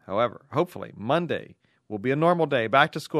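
A man's voice: medium pitch, lively intonation, quick pace, a bit bright, dry recording, clean studio sound. A man co-hosting a podcast, reading listener letters aloud in a wry, laughing way.

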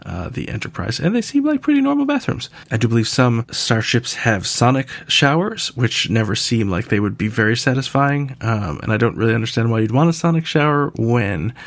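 Dry-humored American man, gravelly voice. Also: medium pitch, animated, normal speed, hardly any pauses, a bit bright, dry recording. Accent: General American. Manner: dry, joking asides. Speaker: podcast host answering listener questions. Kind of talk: casual listener Q&A.

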